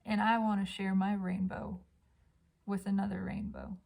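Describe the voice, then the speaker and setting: A woman doing an intuitive tarot reading at home, gushing and dreamy, often dropping into soft whispers. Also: medium pitch, flat delivery, normal speed, vocal fry. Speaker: tarot reader. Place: home by a balcony.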